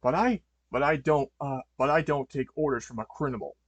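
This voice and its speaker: A man's voice: mid-range voice, brisk, dry recording, close to an everyday voice. A noble, earnest superhero dog speaks up for justice, as a man reading fan fiction puts him on. The voice sits a little above the reader's own, dry and close, with stammered restarts. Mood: heroic. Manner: earnest, rhyming hero lines, stammering. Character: heroic male superhero dog.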